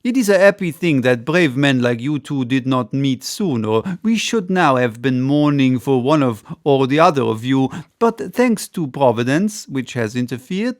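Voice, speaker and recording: A man voicing a lively, persuasive French adventurer in an audiobook, eager and coaxing. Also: medium pitch, clear, resonant tone, natural voice.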